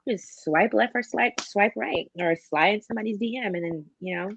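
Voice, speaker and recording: A woman's voice: medium pitch, fairly quick, gravelly, fairly bright tone, breathy edge, no echo. A woman chatting casually on a podcast, with many fillers.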